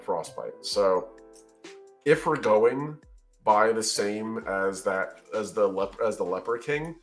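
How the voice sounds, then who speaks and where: A man's voice: lowish voice, fairly bright tone. A man chatting casually on a live stream, musing over ideas and laughing often. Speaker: co-host of a worldbuilding stream. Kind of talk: casual chat.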